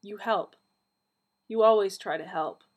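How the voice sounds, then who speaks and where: A woman voicing Donna, a blunt, feisty woman who talks teasingly and exclaims, a little higher and louder than her narration, with a husky tone. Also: unhurried, natural voice.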